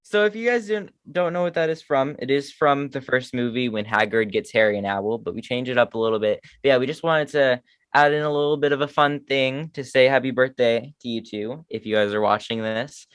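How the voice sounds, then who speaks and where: Breathy young fan host, kinda hesitant, trips over words, dry close sound. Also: female voice, extremely low pitch, fairly quick, no room sound. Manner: hesitant, repeats herself. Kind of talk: casual chat.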